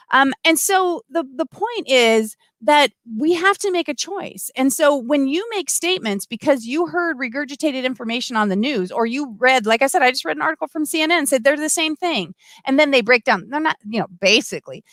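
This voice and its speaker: A middle-aged woman hosting a casual livestream, chatty and animated, full of asides and restarts. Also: high-pitched, no room sound. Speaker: livestream host. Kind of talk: casual livestream talk, reading comments.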